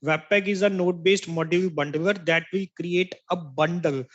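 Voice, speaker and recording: Male tech trainer with a high voice, explains patiently, repeats key terms, keeps asking "right?". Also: moderate pace, muffled recording. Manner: explanatory, checks in with "right?" after each point. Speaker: software instructor. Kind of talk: online tech training lecture.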